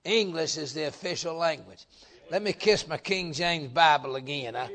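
A middle-aged man preaching a folksy revival sermon, joking with the congregation and swelling into loud emphatic bursts. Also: a little high, normal speed.

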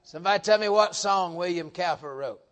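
A middle-aged man preaching a folksy revival sermon, joking with the congregation and swelling into loud emphatic bursts. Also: sits high, brisk.

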